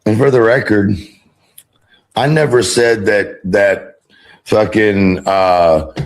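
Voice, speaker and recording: A man with a lowish voice rants at an unhurried pace. He sounds defiant and profane, and he drags his words out in a casual drawl as he brushes off his critics. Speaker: livestreamer being critiqued. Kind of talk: casual ranting livestream.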